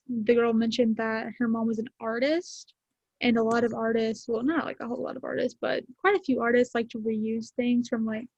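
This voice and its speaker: A woman's voice: on the high side, no room sound. A teenage girl on a video call, talking casually about a book with classmates, with lots of fillers. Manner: chatty, many fillers. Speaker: student in book discussion. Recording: dull lo-fi video call audio.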